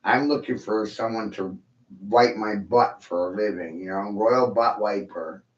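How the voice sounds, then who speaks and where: A man's voice: fairly low pitch, unhurried. Crude, mocking man in an echoey room. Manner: crude, profane, mocking, rambling. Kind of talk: rambling monologue. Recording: echoey room, dull lo-fi sound.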